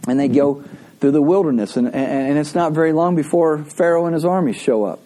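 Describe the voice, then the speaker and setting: A male pastor preaching a sermon in a relaxed, conversational way, telling stories and laughing often. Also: on the high side, brisk. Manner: conversational, animated storytelling with frequent laughs.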